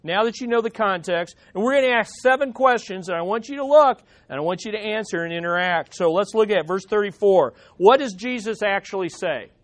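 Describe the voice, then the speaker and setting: A man's voice: high-pitched, animated, a little fast, few pauses. A man preaching a sermon, reading scripture aloud and rising to emphatic quotes. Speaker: pastor.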